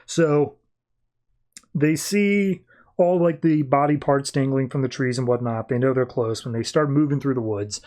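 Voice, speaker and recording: A man's voice: mid-range voice, normal speed, darkish tone. Man casually recapping comics. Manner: rambling, informal, many fillers. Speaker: podcast host.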